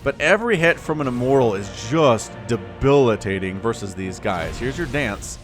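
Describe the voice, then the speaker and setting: A man giving lively solo play-by-play commentary on a strategy game match, quick and playful, with laughs and sound effects. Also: mid-range voice, soft background music. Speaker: game caster.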